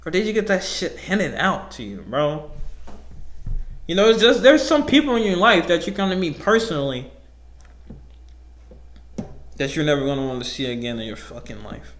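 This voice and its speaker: A man's voice: fairly high pitch, animated, normal speed, long pauses, fairly bright tone. A young man hosting his own podcast, rambling casually and profanely, often laughing. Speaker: podcast host. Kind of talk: casual solo podcast rant.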